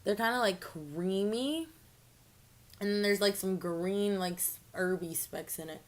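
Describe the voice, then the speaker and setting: A woman's voice: medium pitch, measured pace. Bubbly young woman vlogging while eating. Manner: bubbly, chatty, lots of "like" and "ooh". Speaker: mukbang vlogger. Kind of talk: casual chat to camera while eating.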